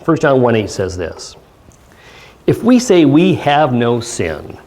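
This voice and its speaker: A man pastor giving a church sermon, speaking earnestly with pauses and reading scripture aloud. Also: medium pitch, sing-song, darkish tone. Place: church service.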